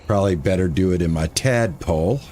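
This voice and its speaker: A man's voice: low voice, fairly quick, mellow, a little hiss or hum. Older man rambling through a game stream. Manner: rambling, thinking aloud, repeating himself. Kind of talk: casual gameplay commentary.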